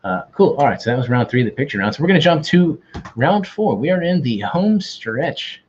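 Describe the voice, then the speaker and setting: Male quiz host, husky voice, lively joking delivery, dull lo-fi stream sound. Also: a little high, moderate pace. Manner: joking, self-deprecating banter. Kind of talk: casual livestream quiz hosting.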